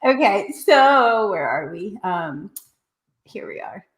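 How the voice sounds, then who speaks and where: A woman hosting a casual interview show, playful and quick to laugh. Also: medium pitch, big pitch swings. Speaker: show host. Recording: echoey room.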